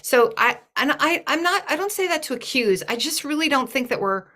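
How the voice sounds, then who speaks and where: A woman's voice: high voice, animated, brisk, pushed and bright. A woman giving a thoughtful, earnest talk in a webinar, often restarting her phrases as she works through an idea. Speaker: webinar guest speaker.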